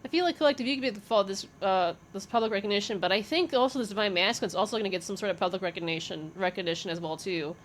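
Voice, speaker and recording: A woman reads tarot cards in a relaxed, rambling way, pausing on "um" as she works out what each card means. She swears casually and breaks into quick laughs. Her pitch sits in the middle range, and a faint hiss runs under the recording. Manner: chatty, swears freely, laughs often, thinks aloud with fillers. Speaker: tarot reader.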